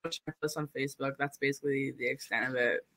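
Young woman guest, bright tense voice, says like a lot, laid back chat. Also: extremely low pitch, steady tone, fast talker, faint music behind. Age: young adult. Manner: casual, filler-heavy, uses "like" a lot. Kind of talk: casual chat.

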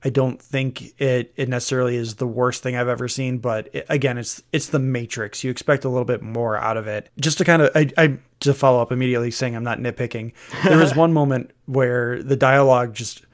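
A man's voice: medium pitch, steady tone, a little fast. A man co-hosting a casual film review chat, critical and picking apart the dialogue. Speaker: podcast co-host.

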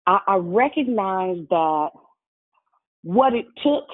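A woman's voice: medium pitch, animated, slow pace. Woman preacher, testimony sermon, chatty and direct, tinny lo-fi audio. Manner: conversational, addresses congregation directly. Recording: tinny phone-like sound.

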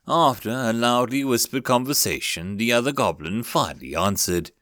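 Brief: male storyteller, animated audiobook read, dry booth sound. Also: medium pitch, normal speed, hardly any pauses, dry recording.

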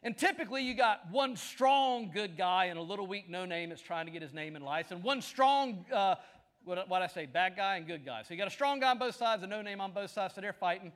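A preacher with a drawl and a strikingly high voice, delivering a sermon to his congregation. He tells stories with rising energy, climbing into excited shouts at the peaks before settling back down. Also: brisk. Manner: animated storytelling, shouting at climaxes. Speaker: pastor.

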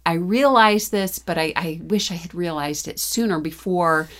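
A middle-aged mother telling family stories in casual conversation, animated and laughing often. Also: fairly low pitch, moderate pace. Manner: animated storytelling, frequent laughs. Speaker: mother and co-host.

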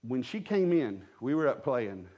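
A man's voice: mid-range voice, big pitch swings, mellow, highs cut off. Folksy man preaching a sermon. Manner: folksy, humorous storyteller with quick asides to the congregation. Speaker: pastor. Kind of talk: storytelling sermon. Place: church sanctuary with a live congregation.

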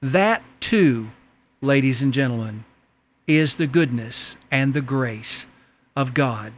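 A man's voice: mid-range voice, animated, takes it slowly, a little hiss or hum. A man preaching a sermon, earnestly reading a letter and a story aloud to the congregation.

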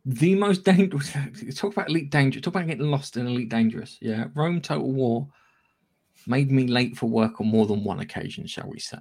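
Man, podcast co-host, casual gaming chat, rambling, mid-pitched. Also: a little fast, darkish tone. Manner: chatty, rambling, swears casually.

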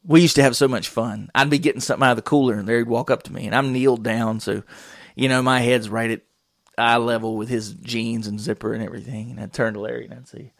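A man's voice: mid-range voice, steady tone, quick pace, gravelly, no echo, clean studio sound. A man hosting a podcast, telling a rambling comic story in a crude, digressive way and laughing at his own jokes. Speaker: podcast host.

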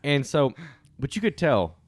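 A man's voice: mid-range voice, sing-song, measured pace. A young man rambling casually through a movie review, full of fillers and restarts.

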